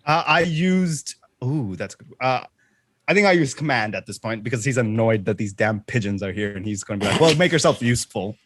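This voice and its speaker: A man playing a tabletop game, talking in an excitable way and laughing often. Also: lowish voice, brisk, no room sound. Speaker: player. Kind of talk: casual tabletop play.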